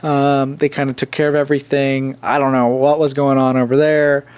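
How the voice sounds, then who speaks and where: A man's voice: mid-range voice, flat delivery, normal speed, darkish tone, clean tone. A young man co-hosting a podcast, chatting casually and hesitantly, with lots of fillers and restarts. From India. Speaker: podcast co-host. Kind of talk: casual chat.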